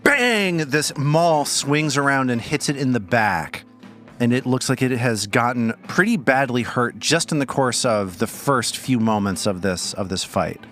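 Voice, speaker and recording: A man's voice: medium pitch, measured pace, a bit bright, faint music behind. A man running a tabletop game as game master, narrating the action dramatically.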